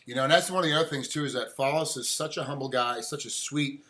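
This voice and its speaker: A man interviewing a fighter in a casual sports chat, animated and acting out quotes as he talks. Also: mid-range voice, fast talker.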